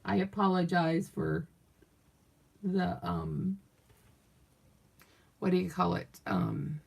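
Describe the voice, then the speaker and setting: Chatty middle-aged woman with vocal fry. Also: lowish voice, fairly even intonation, slow. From Southern United States. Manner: chatty, rambling storyteller, talks to viewers while working. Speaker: craft vlogger. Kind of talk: casual chat while crafting.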